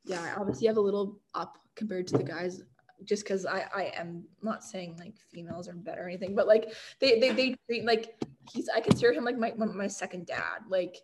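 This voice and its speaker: A young woman from Canada telling stories in a casual interview, chatty and animated, full of "like" fillers and laughter. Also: mid-range voice, fairly quick, noisy background. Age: young adult. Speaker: guest, college football kicker.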